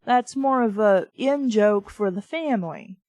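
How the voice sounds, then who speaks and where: A woman with a Southern American accent talks at an unhurried, drawn-out pace, rambling from point to point with plenty of "like" and "you know". Her voice is mid-pitched and sits in a dry, close space with no room sound. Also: lively intonation, a little mellow, dry recording. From Southern United States. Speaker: book reviewer. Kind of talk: casual chat.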